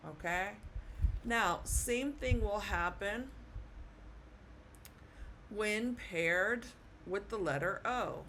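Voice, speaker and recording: A woman explains pronunciation rules at an unhurried, deliberate pace in an even, mid-range voice. She repeats each word carefully and keeps checking in with a gentle "okay?". A faint noise sits under the recording. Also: mid-range voice. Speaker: Spanish teacher. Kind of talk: slow, patient classroom explanation.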